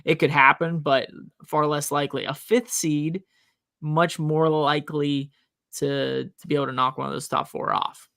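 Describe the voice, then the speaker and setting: A man's voice: on the high side, little pitch movement, moderate pace, vocal fry, fairly bright tone, no echo, clean studio sound. A man co-hosting a sports podcast, chatting casually and rambling with frequent restarts. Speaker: college professor, podcast co-host.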